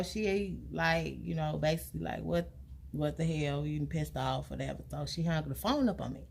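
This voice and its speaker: A young woman tells a personal story in a casual, chatty way. Her voice sits fairly low but leaps high whenever she acts out what people said, and her delivery is animated. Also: vocal fry. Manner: animated, acts out quotes with big pitch jumps.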